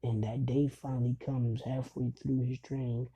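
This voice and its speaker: A man's voice: mid-range voice, flat delivery, moderate pace, mellow, a little hiss or hum, poor audio. A young man casually retelling a fan story in a rambling way, full of fillers and "he's like".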